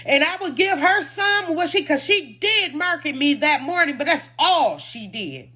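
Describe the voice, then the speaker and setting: Indignant high, bright-voiced woman. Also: sing-song, unhurried. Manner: indignant, defensive, repeating points for emphasis. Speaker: food truck owner. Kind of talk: emotional personal statement.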